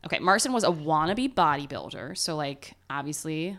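A woman's voice: sits low, expressive, normal speed, a bit bright. A woman co-hosting a casual true-crime podcast, chatty and giggly as she tells the story. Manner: chatty, giggly, reads ads playfully. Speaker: podcast co-host.

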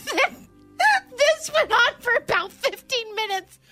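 A woman's voice: very high voice, soft background music. A woman co-hosting a radio show in casual chat, reading listener stories with lots of giggling. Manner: giggly, animated, quick to laugh.

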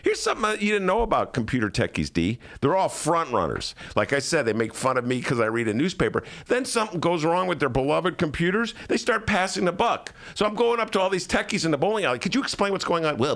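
This podcast host talks fast with few pauses, his fairly high voice touched with vocal fry. In casual chat he animatedly acts out the characters in his comedic tales.

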